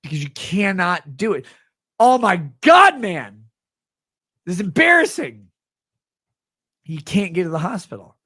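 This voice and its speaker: A man's voice: high voice, sing-song, a little slow, long pauses, sharp tone, dry recording. Drunk man ranting with a sneer. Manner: sneering, mocking. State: drunk, slurring. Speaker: streamer. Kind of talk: drunken mocking rant.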